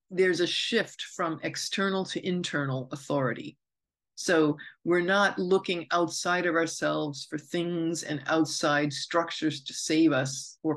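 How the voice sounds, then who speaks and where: A woman astrologer hosting her own podcast, talking unscripted in a meandering, reflective way, correcting herself and drifting into asides. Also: low voice. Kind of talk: unscripted spoken monologue.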